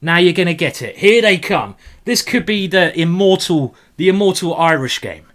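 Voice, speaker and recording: A man commentating live on his own blitz chess games, excitable and playful, teasing his opponent out loud. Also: high voice, moderate pace. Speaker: chess streamer.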